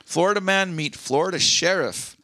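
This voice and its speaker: A man's voice: high-pitched, moderate pace, sharp tone, a little hiss or hum. A man co-hosting a casual podcast, reading news articles aloud and giving blunt, profane opinions. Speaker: podcast co-host.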